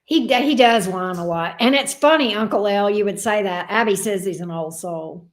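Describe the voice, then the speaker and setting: A woman's voice: medium pitch, normal speed. A woman tarot reader, chatting casually and playfully on her livestream with frequent fond asides. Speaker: tarot reader and channel host.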